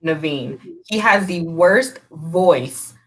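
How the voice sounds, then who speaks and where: A woman co-hosting a book club livestream, making playful quick asides. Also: on the low side, expressive. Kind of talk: casual livestream chat.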